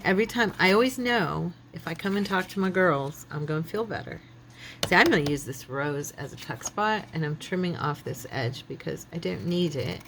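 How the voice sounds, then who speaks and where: A woman's voice: low voice, slight background noise. A middle-aged woman hosting a craft channel, chatting casually and thinking aloud as she works, often laughing. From United States.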